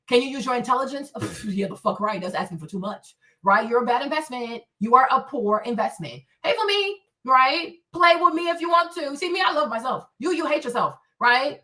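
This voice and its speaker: On her livestream, a woman from Africa rants alone in blunt, profane, confrontational commentary, repeatedly asking "right?". She speaks in a high-pitched, bright voice with a forceful tone, picked up on a slightly distant mic.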